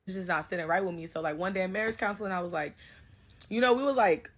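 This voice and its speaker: A young woman telling a personal story in a casual, animated way, acting out quotes and bursting into loud outrage. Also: fairly low pitch, fast, breathy edge, dry recording, poor audio.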